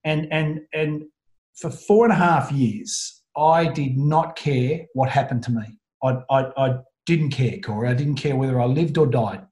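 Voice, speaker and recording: Speaking as an interview guest, a middle-aged Australian man shares a personal story with a mid-range, slightly mellow voice. His delivery is earnest and halting, with many restarted sentences, captured in a roomy, echoing space.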